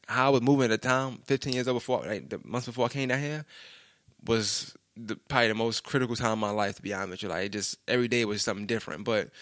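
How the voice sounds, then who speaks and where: A man's voice: lowish voice, a bit bright, no echo, studio quality. A young man, telling a rambling street story in casual slang with frequent restarts. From Brooklyn, New York.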